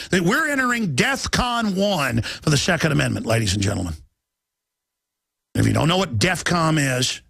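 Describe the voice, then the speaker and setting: A man hosting a talk radio show, ranting urgently and reading headlines aloud in quick bursts. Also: on the high side, vocal fry, a bit bright, slightly rough, no room sound, studio quality. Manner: reads headlines aloud rapidly.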